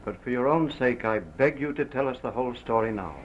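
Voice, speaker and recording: An actor playing a grave man who questions a witness in a measured, formal way, from an early sound film drama. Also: mid-range voice, animated, lo-fi sound, slight background noise, lightly acted.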